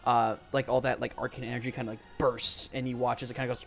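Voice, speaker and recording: A man's voice: medium pitch, level tone, fast talker, creaky, soft background music. A man narrating a tabletop game as game master, with loose narration full of "like" and "um". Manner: loose, filler-heavy narration. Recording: dull lo-fi stream audio.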